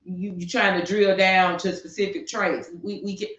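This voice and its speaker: This talk-show co-host speaks in a steady, medium-pitched voice that is a bit bright, keeping a moderate pace. She rants passionately in heated opinion talk, firing rhetorical questions. Slight background noise sits under a distant, echoey, dull lo-fi recording.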